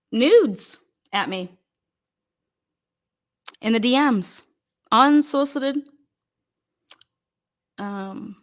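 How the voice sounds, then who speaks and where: A woman hosting a live stream panel, telling an indignant, profane story and breaking into laughter. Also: fairly high pitch. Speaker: livestream panel host.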